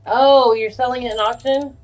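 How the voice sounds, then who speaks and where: Chatty woman streamer, slightly high voice. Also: steady tone, moderate pace, faint music behind. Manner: chatty, reads viewer names and answers chat. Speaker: streamer running a giveaway. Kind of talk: casual live-stream chat.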